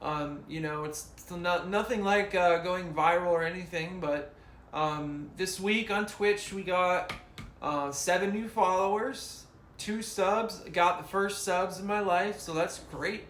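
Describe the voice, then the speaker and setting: A man chatting casually on a live stream from his home, slow and hesitant with many fillers. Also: high voice, a bit bright. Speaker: streamer and musician. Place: home room. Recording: roomy echo, faint room noise.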